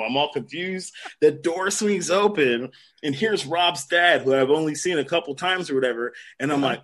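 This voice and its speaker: Animated man spinning a story in casual chat, slightly high voice, very lively pitch. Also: brisk. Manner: animated storyteller, laughs often. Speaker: guest telling a story.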